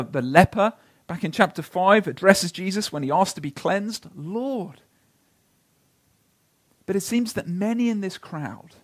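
A pastor preaching a sermon, telling stories earnestly and slowing down to read scripture. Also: male voice, fairly high pitch.

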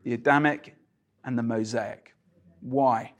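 A man leading an interactive Bible study in church, talking conversationally with fillers and restarts, and growing animated when he reads scripture aloud. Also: medium pitch, slow pace. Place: church gathering.

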